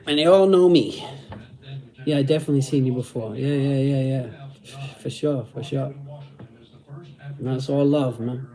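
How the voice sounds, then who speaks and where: Streetwise middle-aged man with a dark voice. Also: medium pitch, unhurried, long pauses. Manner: streetwise slang, repeats phrases. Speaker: host reading live chat. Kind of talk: casual livestream chat.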